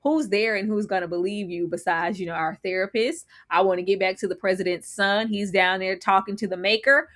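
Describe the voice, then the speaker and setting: A woman co-hosting a live TV episode recap in a loose, chatty way. She gets animated, laughs a lot and acts out her own reactions to scenes. Her voice sits at a middle pitch. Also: fairly quick, few pauses. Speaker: co-host. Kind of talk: casual TV recap chat.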